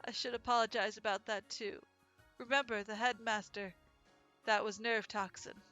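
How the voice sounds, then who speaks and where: Woman voicing a calm, gentle young male pigeon. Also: fairly high pitch, normal speed, faint music behind. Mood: gentle farewell. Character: laid-back young male pigeon, dying older brother.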